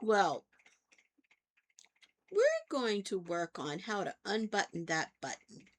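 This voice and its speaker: Slow, lively older woman vlogger. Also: medium pitch, a little hiss or hum. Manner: chatty storytelling, often checks in with "okay?". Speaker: vlog host and therapist. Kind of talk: casual talk to camera.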